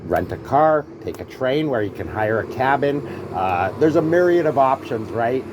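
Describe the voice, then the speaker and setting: A man's voice: mid-range voice, sing-song, normal speed, background noise. A man hosting a vlog, chatting casually at a coffee shop, opinionated, swearing freely and often asking "right?". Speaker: vlog host. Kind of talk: casual chat.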